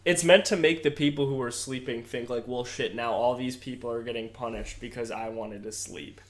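A man's voice: mid-range voice, fairly even intonation, moderate pace. A young man co-hosting a podcast, telling stories in a laid-back, profane way. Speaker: podcast co-host. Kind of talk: casual chat, storytelling.

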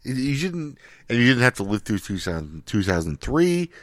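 A man's voice: medium pitch, very animated, moderate pace, no echo, clean studio sound. A man co-hosting a podcast, rambling through sports talk and swearing freely. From Boston area. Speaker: podcast co-host. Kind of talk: casual chat.

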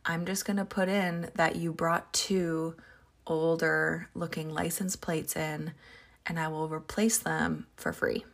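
A woman's voice: low voice, lively intonation, slow pace, gravelly. A woman from Canada chatting casually through a personal story, acting out her own thoughts. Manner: chatty, lots of fillers and acted-out inner thoughts.

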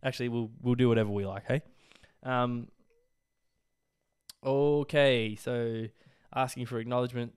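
With a smooth, slightly mellow medium-pitched voice, fairly even intonation, and a moderate pace, a young Australian podcaster chats casually on his own. He rambles and swears through a stream of fillers, coughing slightly as he gets over an illness.

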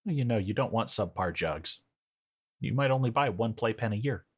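A man's voice: fairly low pitch, normal speed, husky. A man co-hosting a podcast, recapping a movie in a sardonic, laugh-filled casual chat. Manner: lively, sardonic, laughs often. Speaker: podcast co-host.

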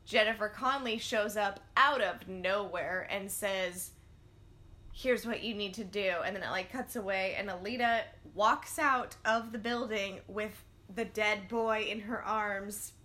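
A woman with a bright, crisp-edged voice at a middle pitch, chatting casually. She tells the story with dry humor and tosses in quick wry remarks. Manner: wry, joking asides. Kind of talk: casual chat.

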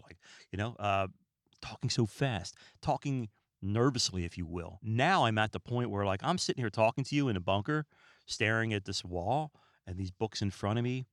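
Male podcast host, low voice, dry close sound, relaxed rambling monologue, stumbles over words. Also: moderate pace, dry recording. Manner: calm and relaxed. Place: small room lined with books.

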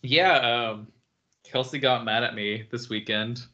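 A man's voice: mid-range voice, unhurried, lo-fi sound. A man co-hosting a podcast in casual chat, telling stories loosely with many "like" and "um" fillers. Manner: relaxed storytelling, frequent "like" and "um". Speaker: podcast co-host.

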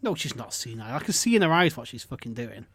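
A man's voice: medium pitch, very animated, quick pace, a bit bright, breathy edge. A man hosting a podcast, ranting and swearing in casual mocking chat. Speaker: podcast host.

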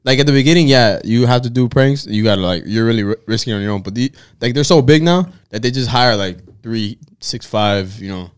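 A man's voice: mid-range voice, fairly quick, hardly any pauses, clean tone. A young man in casual podcast chat, retelling pranks and acting out the people in them. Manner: retells scenes by acting out quoted voices.

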